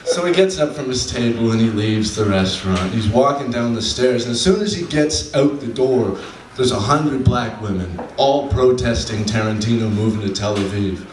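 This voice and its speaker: A man doing a stand-up comedy set on a club stage, deadpan, slowing down for his punchlines. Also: on the low side, a little hiss or hum. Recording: echoey room from a distant mic, faint ambience.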